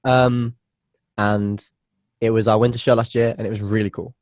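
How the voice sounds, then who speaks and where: A man's voice: on the low side, flat delivery, moderate pace, darkish tone, no echo, studio quality. A man co-hosting a podcast in casual chat, teasing and chatty with plenty of fillers. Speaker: podcast co-host.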